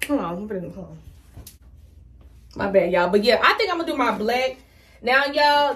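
Young female beauty vlogger, high voice, loose and talkative, casual home recording. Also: moderate pace, long pauses, a bit bright, slightly rough. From Houston, Texas. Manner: chatty, talks straight to viewers with lots of "y'all". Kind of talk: casual get-ready-with-me tutorial. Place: at home, indoors.

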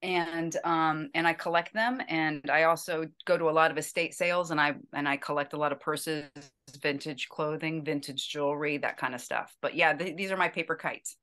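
Bright-voiced woman chatting as a guest. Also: low voice, fairly even intonation, normal speed, clean tone. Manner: chatty, many fillers and restarts. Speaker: actress guest. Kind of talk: casual interview chat. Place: home spare room.

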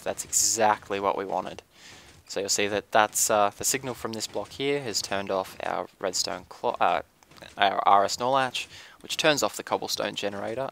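A man giving casual, relaxed gameplay commentary, thinking aloud with frequent ums as he explains his build. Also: fairly low pitch, creaky, slight background noise.

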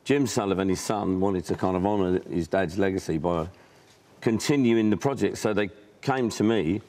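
A man chatting as a guest in a relaxed interview, laughing easily and talking about himself with self-deprecation. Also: deep voice, normal speed. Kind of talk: casual interview chat.

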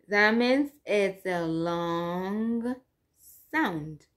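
Slow-drilling woman English teacher. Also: on the low side. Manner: slow, repetitive, drawn-out drilling of sounds. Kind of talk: slow bilingual phonics lesson.

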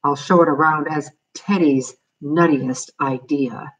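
A woman voicing a proud, stern father who grumbles at his family in a storybook reading, with a husky voice. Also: deep voice, fairly even intonation, measured pace, far from the mic, rough recording. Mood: grumbling.

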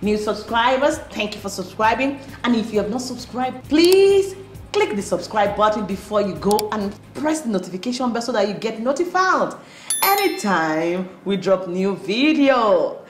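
A woman's voice: medium pitch, big pitch swings, normal speed. A woman parenting coach giving earnest advice, repeating her key points. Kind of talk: instructional talk to camera. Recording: roomy, faint music.

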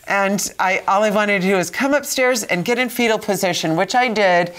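A woman in her fifties telling stories as an interview guest in a casual, animated way, often stammering and repeating words as she retells dramatic moments. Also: on the high side, normal speed, few pauses. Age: 50s.

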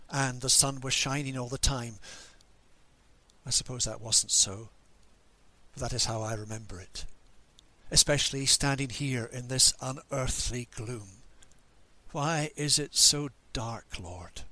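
A man's voice: medium pitch, measured pace, bright, forceful tone. A man voicing the grieving, angry disciple Peter at the cross in a dramatic monologue during a church service, bitter and questioning. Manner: bitter, questioning, self-reproaching.

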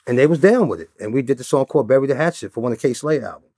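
In an easygoing drawl, though at a very fast clip, this New York interview guest talks through old stories, often ending lines with "you know what I'm saying." His mid-pitched voice sounds close and dry, with no echo and no surrounding room.

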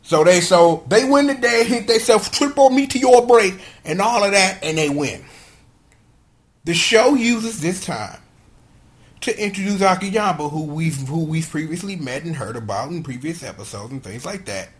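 A man talks through a TV episode in casual review style, full of slang and jokes. His voice runs high and swings widely in pitch. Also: moderate pace. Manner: slangy, joking, animated. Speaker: show reviewer. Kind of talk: casual video review commentary.

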